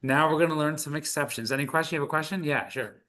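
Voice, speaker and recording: A man's voice: a little high, fast talker, sharp tone. A man teaching a Hebrew reading class over a video call, patiently sounding out syllables one at a time. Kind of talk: online class instruction.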